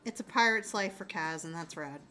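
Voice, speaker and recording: A woman in a casual live-stream chat, talking straight to her viewers in an animated way and swearing freely. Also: medium pitch, moderate pace, soft background music.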